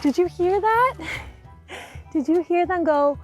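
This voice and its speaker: A woman hosting a farm tour for children, talking in an animated way straight to young viewers, outdoors on a farm. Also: very high-pitched, measured pace, over loud music. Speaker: host showing a farm to children. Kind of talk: children's educational talk.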